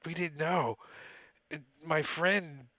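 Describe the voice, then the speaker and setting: A man's voice: a little high, takes it slowly, sharp tone, no echo, dull audio, voice pushed up. A man voicing a frightened, shivering young prisoner who stammers and pleads. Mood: pleading.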